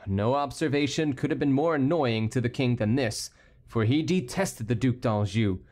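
A man narrating a historical novel as an audiobook, reading every character himself and lifting his pitch for the courtiers. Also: normal speed, darkish tone. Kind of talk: scripted narration.

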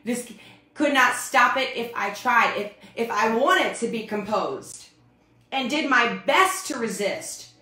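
A woman telling her personal testimony on a livestream, animated and storytelling. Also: fairly high pitch, slow pace, reverberant. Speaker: speaker sharing her testimony.

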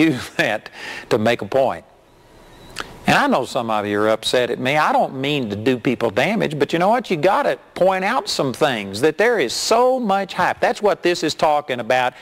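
A middle-aged man preaching a sermon as a television minister, reading scripture and telling stories with animated mimicry. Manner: animated storytelling, mimics hyped preachers in a high voice.

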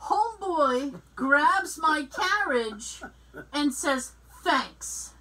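A woman chats on a podcast, her voice high and swinging widely in pitch. She takes her time and acts out the people in her story, laughing often. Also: lively intonation, drawn-out words, sharp tone, slight background noise, poor audio. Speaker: podcast co-host. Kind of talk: casual storytelling chat.

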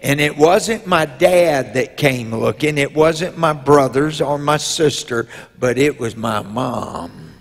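Bishop, slow unhurried storytelling sermon, husky tone, echoing sanctuary. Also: male voice, a little high. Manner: slow storytelling with drawn-out pauses; rises to loud emotional peaks. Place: church sanctuary. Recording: long reverb in a church hall.

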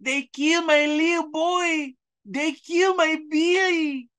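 A man putting on a voice for a grieving, furious old woman, mocking it with shrill exaggeration. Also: fairly even intonation, slow pace, a bit bright, exaggerated voice. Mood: wailing.

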